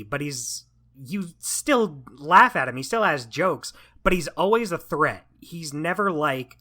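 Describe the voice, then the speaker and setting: A man's voice: on the high side, pushed and bright. A man co-hosting a podcast in casual chat, talking with enthusiastic, opinionated energy and many "like" fillers. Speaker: podcast co-host.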